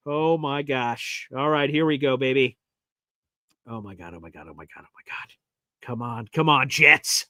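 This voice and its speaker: Excitable man streaming live play-by-play. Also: high voice, no room sound. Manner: emotional, swings from nervous muttering to loud cheering. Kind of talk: excitable live sports watch-party commentary.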